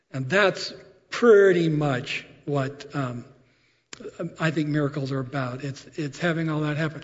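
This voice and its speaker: A man preaching a sermon, telling stories in a conversational, animated way with frequent asides. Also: fairly high pitch, long reverb tail, muffled recording. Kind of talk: sermon storytelling.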